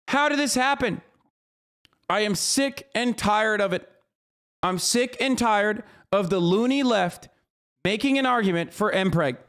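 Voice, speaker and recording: A pompous older male pundit rails against the left in a slow, mock-indignant drawl, as a man puts him on. The voice sits high for a man. It sounds like a sarcastic impression, not a real lecture. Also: a bit bright, clean tone, exaggerated voice.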